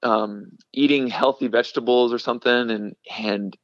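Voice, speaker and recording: Halting young man telling his story. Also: mid-range voice, steady tone, dry recording, muffled recording. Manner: halting, many fillers and restarts, laughs often. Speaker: middle school ministry director, guest. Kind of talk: casual storytelling interview.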